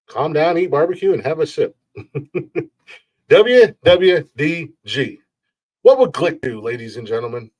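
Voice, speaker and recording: A man's voice: mid-range voice, lively intonation, a little fast, darkish tone. A man hosting a podcast, ranting in a rambling, profane way and laughing at his own jokes. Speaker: podcast host.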